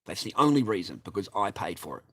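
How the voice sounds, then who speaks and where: A man's voice: lowish voice, sing-song, fast, breathy edge. A middle-aged man ranting to his viewers about his marriage, swearing, aggrieved and repeating himself. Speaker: vlogger. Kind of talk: angry personal rant to camera.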